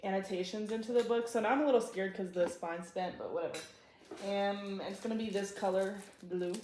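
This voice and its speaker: A woman's voice: medium pitch, brisk, a little mellow, slight background noise. A young woman chatting offhandedly to a friend's phone camera from across a room indoors. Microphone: phone camera at a distance. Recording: roomy phone audio.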